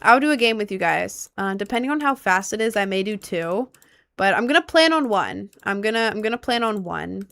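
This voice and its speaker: A young American woman, a gaming streamer with faint Southern and New York touches, chats casually on a live stream and keeps repeating excited exclamations. Her mid-range voice is brisk with vocal fry.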